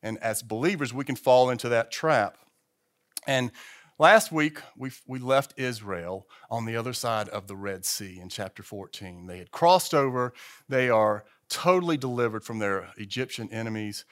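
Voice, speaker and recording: A man's voice: mid-range voice, normal speed. Conversational pastor, a man in his fifties. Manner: conversational, animated, with repeated restarts. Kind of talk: sermon. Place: church.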